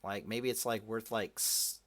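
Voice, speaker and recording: Profane rambling gaming podcast host. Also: male voice, on the low side, level tone, measured pace, fairly bright tone. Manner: profane, rambling, lots of restarts. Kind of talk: casual gaming podcast chat.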